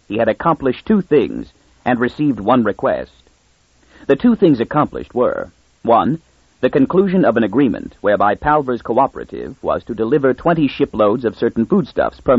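Male audiobook narrator, lively storytelling, husky, dull lo-fi sound. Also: mid-range voice, dry recording. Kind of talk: scripted narration.

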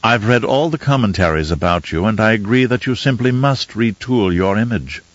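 A prim, theatrical etiquette advisor speaks in a smooth, silky voice and lectures with pedantic correctness, as a man reads him in an audiobook. The voice sits fairly low and the recording is dull and muffled. The room is dry and close. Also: lively intonation, moderate pace, dry recording, lightly acted. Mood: prim, instructive. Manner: pedantic, theatrical, overly proper. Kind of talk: audiobook character reading.

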